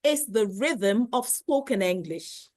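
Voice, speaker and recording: A woman's voice: mid-range voice, lively intonation, takes it slowly, darkish tone, no room sound. A woman who coaches speaking, explaining things carefully in conversation and repeating her key points. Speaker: guest, speech coach.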